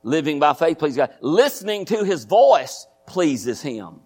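A man's voice: on the high side, very animated, unhurried, darkish tone, slightly rough. A man preaching a sermon as pastor, folksy and repetitive, often asking his congregation questions. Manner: folksy, repeats phrases, asks the congregation questions.

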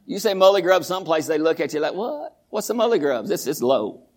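A middle-aged man with a Texan accent preaching a fervent sermon, often shouting and repeating phrases in a preaching cadence. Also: a little high, animated, fast.

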